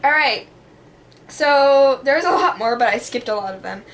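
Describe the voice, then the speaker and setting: Rambling through a vlog, this woman speaks in a high, expressive voice that's a little slow. Her casual monologue is bubbly and dramatic, thick with fillers and leaning heavily on "like."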